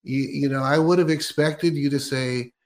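A man's voice: medium pitch, fairly even intonation, moderate pace, darkish tone. A man hosting a casual faith interview, chatting with frequent laughs, fillers and restarts. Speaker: host.

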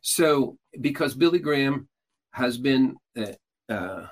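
Male host, mid-pitched, rambling explainer with many restarts. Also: animated, takes it slowly. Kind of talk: casual teaching talk.

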